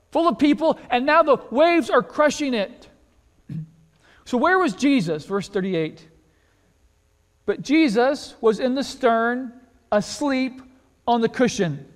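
Male pastor, very high voice, chatty animated sermon with lots of rhetorical questions, long church-hall reverb. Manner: conversational, animated, rhetorical questions, repeats words. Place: church sanctuary.

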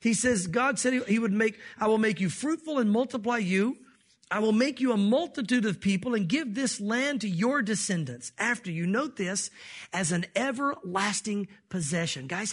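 A man's voice: extremely high pitch, a bit bright. A pastor delivering a sermon to his congregation in an earnest, conversational preaching manner, speaking directly to his listeners. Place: church service.

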